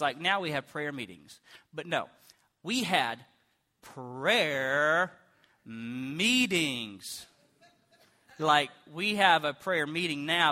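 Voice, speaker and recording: Male pastor, middle-aged, very bright tone, storytelling sermon with loud comic bursts. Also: a little high. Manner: animated, comic storytelling with sudden loud bursts and mock prayer voices.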